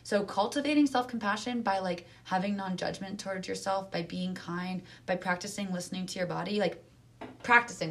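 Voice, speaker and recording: A woman with a slightly low voice talks earnestly in a relaxed conversation. She leans on filler words and punches key phrases with lively emphasis. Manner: earnest, animated, many fillers. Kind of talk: casual conversation.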